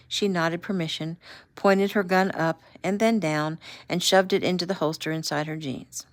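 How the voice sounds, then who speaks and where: A woman narrates her own novel in a relaxed, conversational manner, as if chatting across the room. Her voice sits slightly low. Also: normal speed, no echo. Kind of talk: casual audiobook narration.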